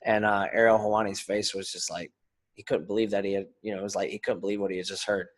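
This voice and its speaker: A man co-hosting a casual podcast, talking in an animated, rambling way and swearing freely. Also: lowish voice, quick pace. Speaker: podcast co-host, fighter. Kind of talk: casual chat.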